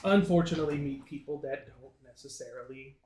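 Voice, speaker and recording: A man's voice: fairly high pitch, brisk, a little mellow. A man playing a tabletop game, speaking as his character in short plain lines. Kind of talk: casual role-play chat. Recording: roomy echo with faint noise.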